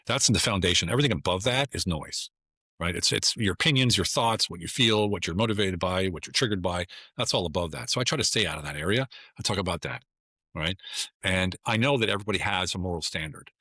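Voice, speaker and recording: A middle-aged man talks as a podcast guest and acts out the people in his stories. His voice is bright and forceful and sits fairly low. The sound is close and dry. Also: no echo. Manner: animated storyteller who acts out dialogue. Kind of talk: casual interview conversation.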